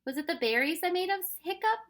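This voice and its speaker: A woman's voice: extremely high pitch, animated, fairly quick, voice pushed up. A woman voicing a curious, determined young boy in a storybook reading. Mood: earnest. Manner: earnest, questioning.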